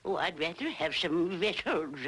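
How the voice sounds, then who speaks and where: A woman's voice: fairly low pitch, lively intonation, a bit bright, slightly rough. A woman playing a naive young hillbilly woman with an Ozarks twang in an old radio comedy. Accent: American Ozarks hillbilly. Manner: folksy, slow and naive. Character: simple, plain-spoken young hillbilly woman.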